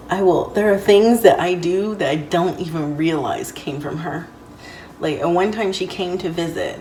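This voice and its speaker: A woman's voice: sits low, darkish tone, a little hiss or hum. Rambling, heartfelt woman in a roomy space. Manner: rambling, heartfelt, many fillers. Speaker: vlogger. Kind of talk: casual storytelling vlog. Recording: roomy, distant mic, faint ambience.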